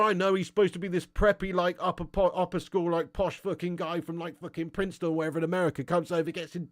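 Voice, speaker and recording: A man's voice: sits high, fairly even intonation, a little fast, hardly any pauses, no echo, studio quality. A man hosting a live stream, reading viewer comments and ranting bluntly with lots of swearing. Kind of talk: casual live-stream chat.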